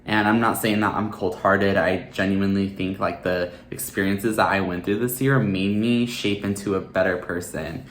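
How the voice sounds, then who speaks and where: Man, lower voice, personal vlog, earnest, heartfelt, unhurried. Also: fairly even intonation, roomy sound, slight background noise. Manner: earnest, open and heartfelt, with filler "like" and "you know". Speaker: vlogger.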